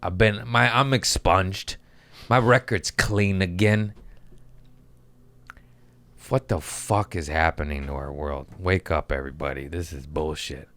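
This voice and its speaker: A man's voice: low voice, fairly even intonation, unhurried, fairly bright tone, no room sound. A man who is a comedian hosting his podcast, ranting in an exasperated, profane way with comic timing. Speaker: podcast host.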